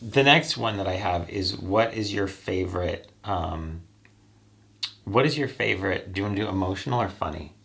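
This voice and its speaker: A man's voice: sits low, moderate pace, vocal fry, fairly bright tone. A man hosting a casual chat about a TV show, laughing often and acting out scenes he quotes. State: holding back tears. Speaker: host.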